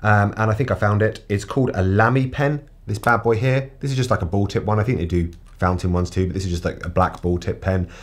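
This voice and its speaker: A man's voice: fairly low pitch, fairly even intonation, fast, hardly any pauses. A man in his forties chatting enthusiastically at home for his vlog. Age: 40s. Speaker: vlogger. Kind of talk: casual chat. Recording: music playing underneath.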